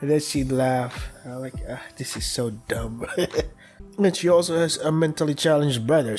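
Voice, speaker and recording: A male let's play host rambles through crude, casual anecdotes between lines of the game. His voice sits at an ordinary middle pitch and he often laughs at his own stories. Faint music plays underneath. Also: darkish tone. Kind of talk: casual playthrough commentary.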